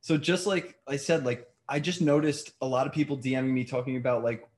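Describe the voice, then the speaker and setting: A man from New York, a podcast guest telling rambling, animated stories in casual chat. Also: mid-range voice, brisk.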